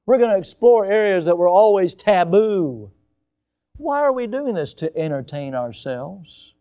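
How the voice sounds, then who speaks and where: An older man, a pastor, preaching a sermon with emphatic rises and sudden quiet drops. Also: high voice, big pitch swings, a little slow.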